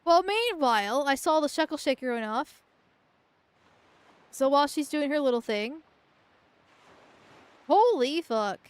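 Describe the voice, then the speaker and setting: A woman's voice: sits high, expressive, unhurried, pauses often, no room sound. A young woman streaming a game, chatting crudely and jokingly, often laughing and stumbling over her words. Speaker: vtuber streamer. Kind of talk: casual gameplay commentary.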